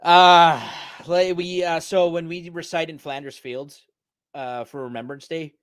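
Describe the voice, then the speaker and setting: A man's voice: on the high side, fairly even intonation, measured pace, smooth, dry recording. A Canadian man with a Canadian accent, chatting casually with dry, self-deprecating humor. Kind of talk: casual chat.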